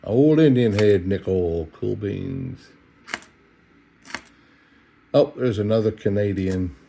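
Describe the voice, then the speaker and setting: Over music, a middle-aged man with a lowish voice and lively intonation talks at a moderate pace. He's a coin roll hunter, tired and yawning late at night at home, chatting in a laid-back, folksy manner as he searches.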